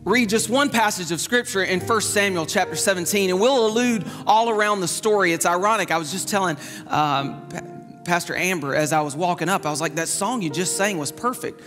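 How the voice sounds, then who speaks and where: A pastor with a very high-pitched voice preaches a sermon, telling stories in lively, quick bursts. His voice rings with long reverb through a large church hall. Faint music sits beneath it. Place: church sanctuary.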